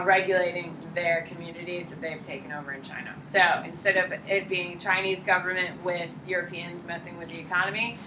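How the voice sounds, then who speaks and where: A woman teaching a high school history class, quizzing students by name in a blunt, casual way. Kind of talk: classroom lecture and questioning. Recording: echoey classroom, distant mic, light noise.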